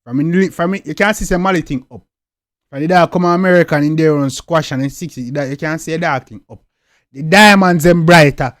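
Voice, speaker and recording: A man's voice: on the high side, a little fast, no room sound, clean studio sound. A young man with a Jamaican accent hosting a music reaction video, talking in a hyped, slangy way and repeating catchphrases. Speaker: reaction channel host. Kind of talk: casual reaction commentary.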